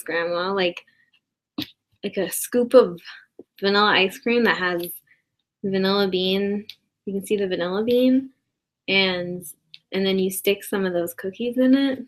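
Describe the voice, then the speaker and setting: Rambling woman doing improv comedy. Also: mid-range voice. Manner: rambling, mock-earnest, escalating outrage. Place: indoors at a desk.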